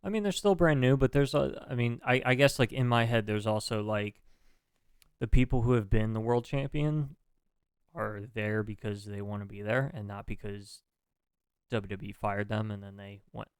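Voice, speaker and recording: A man with a lowish, smooth, clear voice, co-hosting a relaxed podcast chat about wrestling. He thinks aloud, hedges with plenty of fillers and swears casually. The sound is close and dry. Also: normal speed, no room sound. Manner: profane, hedging, thinks aloud with many fillers. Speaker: podcast co-host.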